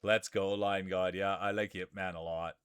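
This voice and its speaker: A man's voice: low voice, little pitch movement, normal speed, fairly bright tone, smooth, no room sound. A man hosting a live stream, calling marble races with playful jokes and hype. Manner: playful, joking, hype-building. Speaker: streamer and race commentator.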